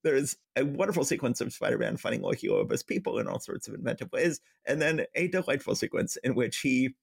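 A man's voice: medium pitch, lively intonation, fairly quick, gravelly, breathy edge, dry recording, studio quality. A man co-hosting a podcast, casually recapping comic book plots and reading quoted dialogue in a light voice. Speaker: podcast co-host.

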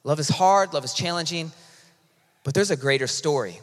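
A man preaching as pastor in a casual, impassioned sermon that swings between loud and hushed, with frequent restarts. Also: fairly high pitch, normal speed. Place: church sanctuary. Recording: long reverb of a large hall.

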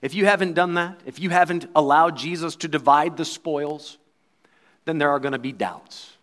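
Higher-voiced man preaching with swings in volume. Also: moderate pace. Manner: dramatic preaching that swings between loud and quiet; acts out quoted voices and crowd replies. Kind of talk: sermon.

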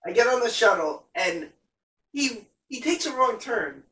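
A man from New Jersey telling a profane, animated story in casual chat. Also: very high voice, a little slow, slight background noise. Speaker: podcast co-host telling a story. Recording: roomy sound, mic at a distance.

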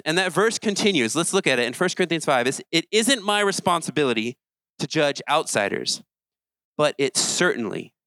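A man's voice: medium pitch, fairly bright tone, no echo, low-quality recording. A man preaching an earnest, conversational sermon as a youth pastor, often restarting his sentences as he talks.

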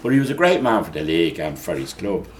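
A man's voice: low-pitched, sing-song, quick pace, slight background noise. An older man telling laughing anecdotes in a casual chat. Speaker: guest telling stories.

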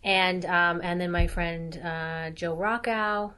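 Bright-voiced woman chatting casually. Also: fairly low pitch, fairly even intonation, smooth. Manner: chatty and quick, laughs loudly. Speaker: makeup artist guest. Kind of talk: casual interview chat. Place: hotel room with soft furnishings.

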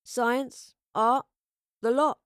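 A woman's voice: fairly high pitch, steady tone, extremely slow, smooth, no echo, pitched above the performer's own voice. A woman voicing a tired, blunt young woman traveler who speaks in short, grumpy remarks, in a dry close recording. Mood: weary, blunt. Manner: blunt, clipped, weary.

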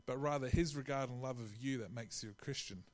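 A man's voice: medium pitch, brisk, darkish tone. A man preaching a sermon in a conversational way, often restarting his phrases and acting out quotes.

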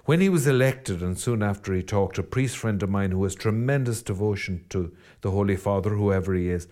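A man's voice: lowish voice, brisk, darkish tone. An Irish man, a Catholic priest, giving an earnest, rambling podcast reflection with self-deprecating asides.

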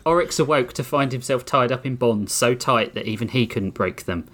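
A man hosting a podcast, reading a story aloud to his co-hosts in an animated way. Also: medium pitch, moderate pace, a little hiss or hum. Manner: animated, laughs mid-read. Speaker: podcast host and story reader.

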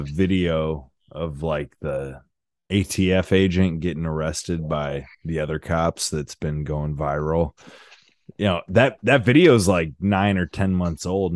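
A man hosting a podcast, relaxed and conversational, chuckling and answering with short agreeing sounds. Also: very deep voice, no room sound, studio quality. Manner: laid-back, chuckles and agrees with short "mm-hmm"s. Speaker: podcast host. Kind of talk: casual interview chat.

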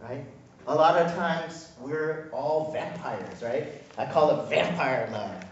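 A man's voice: on the high side, slow pace, a little hiss or hum. A male pastor preaching a sermon, joking and acting out voices, recorded from a distance in a church. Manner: animated, jokey, acts out voices of God and people. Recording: distant, echoey, muffled hall mic.

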